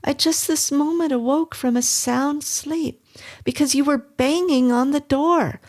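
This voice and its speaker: A woman's voice: a little slow, darkish tone. A woman voicing a young wife in a horror story, bewildered and defensive, firing off indignant questions. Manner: high, exclaiming, indignant questions.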